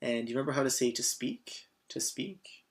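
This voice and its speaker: A man's voice: medium pitch, animated, fairly quick, husky. Patient man teaching beginner phrases. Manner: patient, encouraging, switches between English and French phrases. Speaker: language teacher. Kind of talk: scripted lesson narration.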